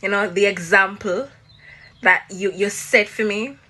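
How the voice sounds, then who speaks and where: A woman's voice: mid-range voice, steady tone, a little slow, sharp tone. A young Jamaican woman giving an affectionate, playful personal message as a younger sister.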